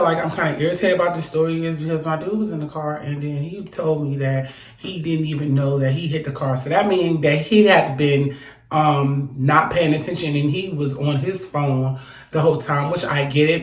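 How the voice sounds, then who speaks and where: A young woman telling a storytime straight to camera, animated and blunt, swearing freely. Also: low voice. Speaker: vlogger. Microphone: phone or camera held close. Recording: echoey room.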